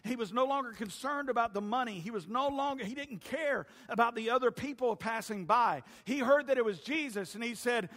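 High-voiced man preaching loudly. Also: a little fast, hardly any pauses, long reverb tail. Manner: loud, preaching that swings from shouting to hushed. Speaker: pastor. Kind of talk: sermon.

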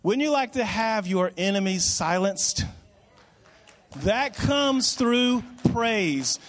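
Man, high voice, preaching a conversational sermon; casual restarts. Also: fairly bright tone.

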